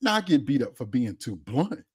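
Husky, blunt male podcast co-host. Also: medium pitch, big pitch swings, moderate pace. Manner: blunt, laughing storyteller, slangy. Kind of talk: casual podcast banter.

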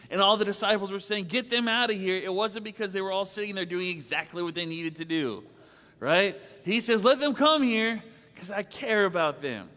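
A man with a high voice preaches in an earnest, conversational way, often tossing "right?" to the congregation. His voice rings with the long reverb of a church hall. Soft music plays faintly behind him. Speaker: pastor. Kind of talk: sermon. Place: church sanctuary.

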